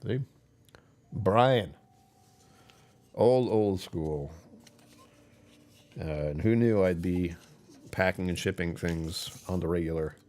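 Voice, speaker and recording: Taking it slowly and pausing often, a live streamer chats with viewers on his channel in a casual, rambling way. He's self-deprecating, chuckles frequently, and has a deep voice that occasionally sinks even lower.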